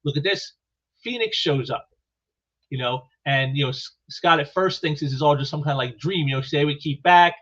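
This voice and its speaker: Guy rambling about comics, lots of you know, kinda higher voice, muffled recording. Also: moderate pace, sharp tone. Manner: rambling, heavy with "you know" fillers and restarts. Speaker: comic book reviewer. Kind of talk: casual solo commentary.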